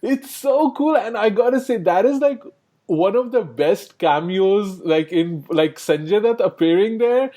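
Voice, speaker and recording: Upbeat higher-voiced man chatting. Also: expressive, a little slow, dark tone. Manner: enthusiastic, rambling, laughs often. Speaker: podcast co-host. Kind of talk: casual film discussion.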